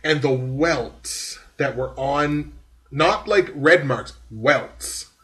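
A podcast host with a mid-range, fairly bright voice draws out his words as he gives a rambling breakdown stuffed with filler during casual chat.

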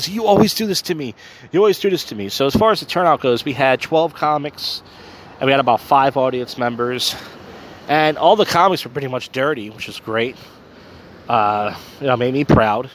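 In a fairly bright, mid-range voice, a man who hosts a podcast and an open mic rambles through crude stories loaded with fillers, a little tipsy, in a casual monologue on his own show. A slight hiss or hum sits under the audio.

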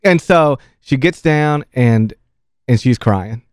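A man's voice: medium pitch, expressive, slow pace, smooth, dry recording. A man hosting sports talk radio, telling a story in an exasperated, self-mocking way into a studio microphone. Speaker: radio show host.

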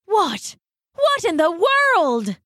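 A woman's voice: very high-pitched, wildly swooping pitch, very slow, a bit bright, dry recording, clean studio sound, voice pushed up, heavily acted. A woman voicing a lonely wandering man in a storybook reading, speaking earnestly with a lilt. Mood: amazed. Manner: earnest, emotional, tearful at times. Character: lonely wandering Irish male singer.

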